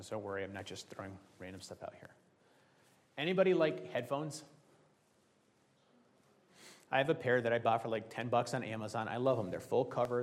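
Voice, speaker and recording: Middle-aged man preaching a conversational sermon. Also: fairly low pitch. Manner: conversational, with personal stories and scripture quotes. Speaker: pastor.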